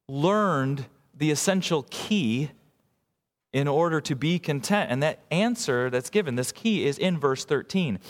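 A man preaches with a lively, swinging pitch. He presses key words hard, then drops to quiet, slow asides. His voice carries a long reverb, as if he is in a big church hall. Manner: expressive preaching, swings between emphatic highs and quiet asides. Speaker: pastor. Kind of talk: sermon.

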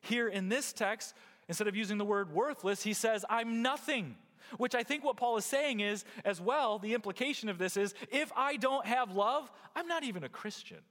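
A man preaching a sermon as pastor, swinging from loud emphasis down to quiet, close remarks. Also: high-pitched, moderate pace, long reverb tail. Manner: expressive preaching, rising and dropping to near quiet.

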